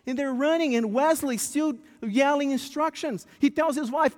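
Male pastor, high voice, animated storytelling, stumbling restarts, long hall reverb. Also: moderate pace. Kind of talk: sermon with a storytelling opening.

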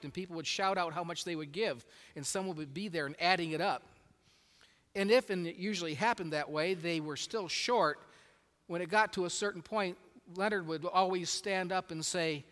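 Brief: expressive preacher mid-sermon in a large hall, high voice, long reverb tail. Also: male voice, fairly quick. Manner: animated storytelling with shifting volume. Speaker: pastor.

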